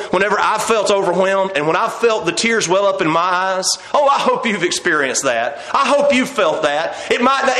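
A man's voice: extremely high pitch, sharp tone, echoey room. A man preaching a sermon with fervor, acting out voices and laughing now and then. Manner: fervent preaching, acts out quoted voices, laughs often.

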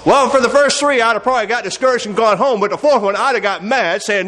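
High-voiced preacher in a reverberant hall. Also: male voice, fast, a bit bright. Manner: folksy, conversational, many rhetorical questions. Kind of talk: sermon. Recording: long reverb of a large hall.

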